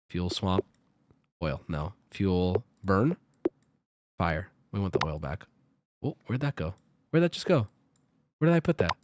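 A man's voice: mid-range voice, background noise. Wildly swinging streamer man swearing. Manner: swears often, talks through moves out loud, with sudden yelps. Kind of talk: live-streamed game commentary.

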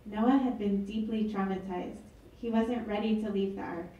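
A woman's voice: medium pitch, fairly even intonation, moderate pace, mellow, recorded from a distance, dull audio, a little hiss or hum. Woman reading aloud in an echoey hall. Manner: wry, chatty storytelling. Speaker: author reading her work. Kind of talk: public reading with asides. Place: event hall. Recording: echoey hall, mic from afar.

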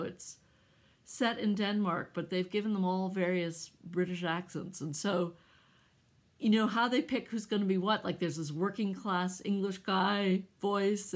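A middle-aged American woman chatting casually to camera about her stitching, husky and congested from allergies, laughing often between asides. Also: medium pitch. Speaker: cross-stitch vlogger. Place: at home, indoors.

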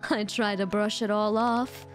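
A woman's voice: mid-range voice, flat delivery, unhurried, soft background music, pitched below the performer's own voice, lightly acted. A woman voicing a solemn young woman who speaks at a memorial in a wistful, earnest way.

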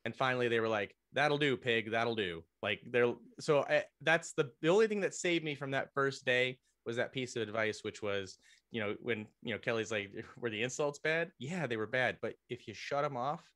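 A man's voice: mid-range voice, normal speed, fairly bright tone. A man, a guest on a podcast interview, telling a long story casually, often restarting his sentences and joking at his own expense. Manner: rambling, with frequent restarts and self-corrections. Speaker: podcast guest, military veteran.

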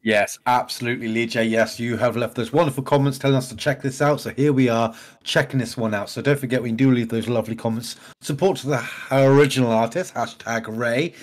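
A man's voice: mid-range voice, fairly even intonation, fairly quick. Upbeat man co-hosting reactions. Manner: enthusiastic, rambling, upbeat. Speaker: reaction video co-host. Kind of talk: casual reaction chat.

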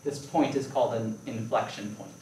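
A man's voice: mid-range voice, normal speed, recorded from a distance, a little hiss or hum. Man lecturing in an echoey room. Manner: animated, playful explanations with rhetorical questions. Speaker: math lecturer. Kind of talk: classroom lecture.

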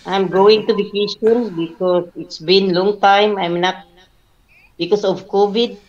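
Woman, very slow halting talk, muffled lo-fi sound. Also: mid-range voice, steady tone. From Philippines. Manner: halting, simple non-native phrasing. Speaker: guest on a live stream. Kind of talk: casual chat.

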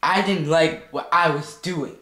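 A man's voice: fairly high pitch, a little slow, bright, forceful tone. A man playing a volatile, troubled young man who swears constantly and rants, repeating himself, in a comedy skit, recorded in an echoey room. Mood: bitter.

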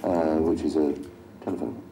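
A man's voice: very deep voice, steady tone, moderate pace, gravelly, warm tone. A middle-aged man joking wryly as a convention panel guest before an audience. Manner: wry, dry self-mocking humor. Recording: echoey hall with crowd noise.

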